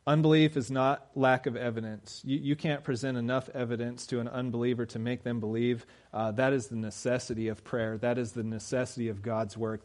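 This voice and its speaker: A man's voice: mid-range voice, a little mellow. A man in his thirties preaching a sermon in a conversational way, acting out quoted voices and building to emphatic peaks. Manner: acts out quoted voices of characters. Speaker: pastor.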